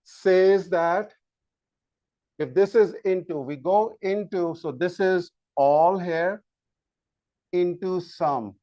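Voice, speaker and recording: A man lecturing a university math class, slow and halting, with frequent fillers and restarts while he draws on the board. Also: sits high, mellow, dry recording. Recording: dull lo-fi lecture capture.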